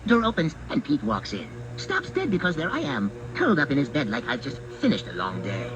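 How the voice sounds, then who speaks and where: A man telling comic stories in the first person as a mischievous pet cat, in a wry, mock-serious, deadpan manner. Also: fairly high pitch, brisk, rough recording. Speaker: narrator speaking as a pet cat. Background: background music.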